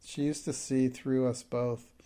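A man's voice: medium pitch, little pitch movement, measured pace, mellow, clean tone, natural voice. A man reading the part of a timid middle-aged schoolmistress, her lines turning tearful and hysterical. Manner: pleading, breaking into hysterical outbursts.

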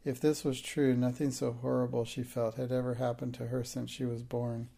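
Gravelly, flat-voiced male audiobook narrator. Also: mid-range voice, moderate pace.

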